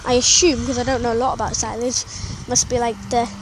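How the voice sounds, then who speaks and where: A woman vlogger chats casually outdoors on a farm among chickens, rambling and correcting herself as she goes. Her voice is on the high side, flat, and a little fast, with loud outdoor noise and animal sounds in the background.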